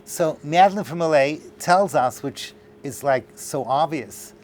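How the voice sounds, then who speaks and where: Animated high-voiced man lecturing. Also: a little slow. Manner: animated, joking, talks straight to the audience. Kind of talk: lively class lecture to a live audience. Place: class hall with an audience.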